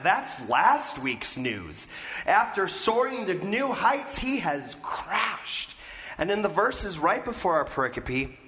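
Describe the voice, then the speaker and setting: A man's voice: a little high, pushed and bright, big-room sound. A male pastor preaching a storytelling sermon and putting questions to the congregation.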